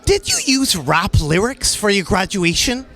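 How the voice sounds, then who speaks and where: A man interviewing a guest with an excitable, wildly swooping voice, in a music club. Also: high-pitched, unhurried. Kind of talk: energetic interview. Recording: faint music behind in a club.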